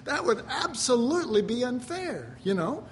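High-voiced, chatty male pastor. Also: very animated, moderate pace, a little hiss or hum. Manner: conversational, folksy preaching with stories and chuckles; acts out quoted voices. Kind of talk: sermon.

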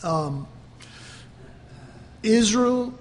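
A man preaching a fervent sermon, swinging between loud outbursts and quiet asides. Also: high voice, expressive, very slow, in a large hall, slight background noise.

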